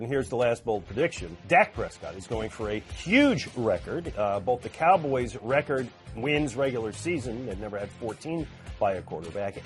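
A man co-hosting a sports talk show, giving loose, joking football predictions with quick asides. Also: medium pitch. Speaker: football analyst.

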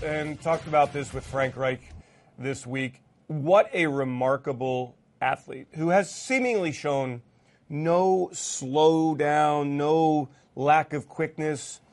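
A man hosting a sports talk show, brisk and wry, stretching words out for emphasis. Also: fairly high pitch, expressive, a little mellow. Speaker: show host.

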